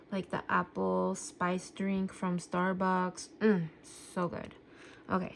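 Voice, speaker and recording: A woman with a gravelly fry in her voice, chatting casually as she pages through a sticker book. She sounds a little out of breath and fills her talk with "um"s. A faint hiss sits under her voice. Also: mid-range voice. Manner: chatty, with frequent "um" fillers. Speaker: planner vlogger.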